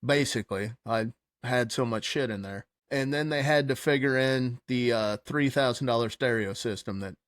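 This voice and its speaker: A man telling a wild story in casual chat, animated, laughing and swearing freely. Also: mid-range voice, normal speed, hardly any pauses, dry recording, clean studio sound. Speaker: podcast co-host.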